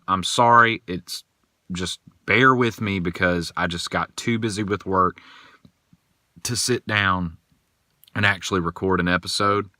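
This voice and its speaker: A man hosting a casual solo podcast, telling rambling, animated stories. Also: on the low side, no echo, studio quality. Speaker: podcast host.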